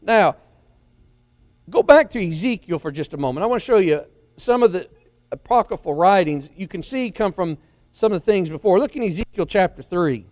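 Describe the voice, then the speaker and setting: High-voiced man teaching a sermon. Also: expressive, normal speed, darkish tone, no echo, studio quality, long reverb tail. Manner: reads scripture aloud then explains it, with restarts; addresses listeners directly with questions. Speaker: preacher.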